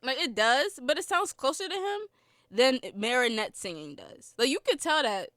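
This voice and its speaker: Young female podcast host, high bright voice, dry close sound, rambling and giggly, slight sore throat. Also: big pitch swings, normal speed, dry recording. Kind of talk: casual film review chat.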